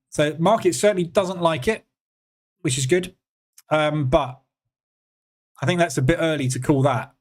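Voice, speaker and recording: A man's voice: medium pitch, darkish tone. Chatty man hosting a trading stream. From United Kingdom. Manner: chatty, thinks aloud with many fillers; reads out chat messages and answers viewers. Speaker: trading room host. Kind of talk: casual live-stream commentary.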